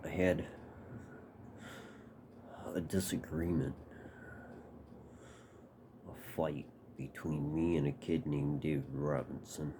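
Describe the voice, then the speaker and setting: A man's voice: a bass voice, steady tone, slow pace, pauses often, noisy background. A man telling a personal story casually, swearing and acting out quotes.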